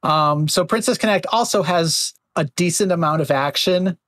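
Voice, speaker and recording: A man's voice: a little high, normal speed, fairly bright tone, no room sound. A man hosting a casual podcast chat, talking loosely with lots of fillers and slipping into mocking voices. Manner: chatty, filler-heavy, slips into mocking voices. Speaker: podcast host.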